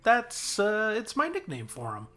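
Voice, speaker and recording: A man's voice: fairly high pitch, animated, normal speed, a bit bright, soft background music. A man reading aloud and voicing a kind-hearted young man who drives for animal control, shy and a little awkward. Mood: earnest.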